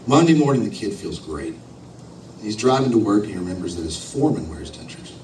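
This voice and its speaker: A low-voiced man spins a relaxed, folksy tale on a live stage. He sounds set back from the mic in a roomy hall, with a noisy crowd around him. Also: fairly quick, recorded from a distance. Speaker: storyteller. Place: live show venue.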